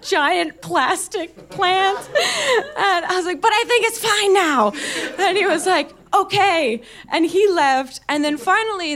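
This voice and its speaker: A young woman doing stand-up, telling a chatty, self-mocking story and laughing through her lines. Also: sits high. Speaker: stand-up comedian.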